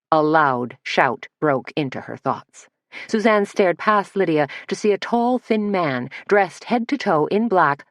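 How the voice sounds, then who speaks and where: A woman with a fairly low voice reads a mystery audiobook in a steady, measured voice. The recording is close and dry, with no room sound around her. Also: no room sound. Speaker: audiobook narrator. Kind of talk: scripted narration.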